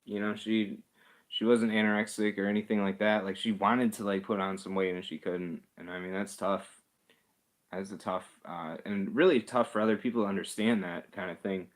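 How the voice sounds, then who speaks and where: Laid-back low-voiced man rambling casually. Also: steady tone, moderate pace. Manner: rambling, chuckling, loose and self-deprecating. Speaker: livestream host. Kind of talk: casual chat reading live comments.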